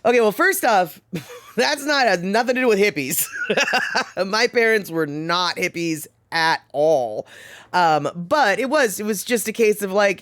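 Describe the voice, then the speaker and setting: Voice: medium pitch, expressive, measured pace, a bit bright, no room sound. A livestream host in their fifties chatting casually with viewers and reading chat, rambling along and laughing often.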